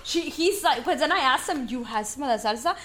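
A woman in casual podcast chat, telling a long story with lively, profane delivery. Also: high-pitched, a little fast, slight background noise. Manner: animated storyteller, swears freely. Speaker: podcast co-host.

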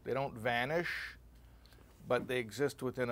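A man leads an informal class in a conversational way. He tells personal stories and slows right down to stress his key points. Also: medium pitch. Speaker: Torah teacher.

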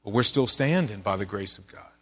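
A male pastor preaching a sermon in a church, earnest and conversational, sometimes dropping to soft, low passages. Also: expressive, fairly quick.

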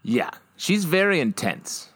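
A man co-hosting a podcast, recapping an episode in casual chat, animated and teasing. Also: on the high side, slow pace, breathy edge, dry recording. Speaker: podcast co-host.

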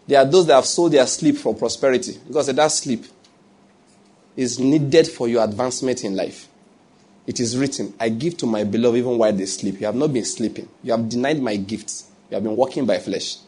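A man's voice: mid-range voice, a little mellow, slightly rough. A man with a Nigerian accent preaching a sermon as a pastor, asking rhetorical questions and mixing in humor.

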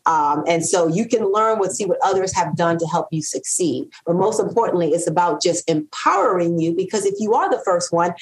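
A middle-aged woman whose first language is not English, speaking as a guest copywriter in a casual interview, animated and repeating phrases for emphasis. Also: fairly low pitch, fairly quick, hardly any pauses, low-quality recording.

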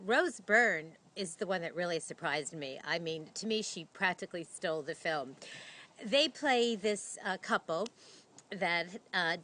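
Woman film-review host at a medium pitch, chatty and effusive, rambles. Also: sharp tone. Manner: gushing, chatty, rambling with many fillers.

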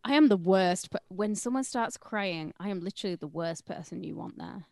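A woman's voice: medium pitch, expressive, normal speed, creaky, darkish tone, no echo, studio quality. Blunt, joking woman co-host. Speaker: podcast co-host. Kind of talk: casual profane chat.

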